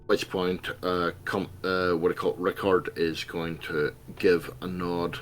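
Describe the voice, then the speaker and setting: A man playing a tabletop game, describing his character's actions deliberately. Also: sits low, level tone, faint music behind. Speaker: player. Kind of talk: casual tabletop play.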